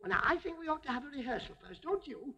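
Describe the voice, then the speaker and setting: A woman with a high, lively voice that leaps up and down, playing a comic stage routine. She talks to a teddy bear as if it were a child, coaxing and fussing over it, and laughs often. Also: quick pace, muffled recording. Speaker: comic entertainer.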